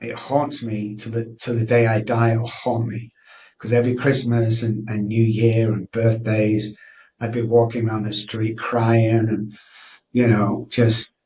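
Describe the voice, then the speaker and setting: A man's voice: fairly low pitch, flat delivery, unhurried, a little mellow, recorded from a distance, low-quality recording. Candid middle-aged man. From Manchester, England. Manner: earnest, candid, frequent restarts. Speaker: guest. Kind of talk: personal storytelling interview.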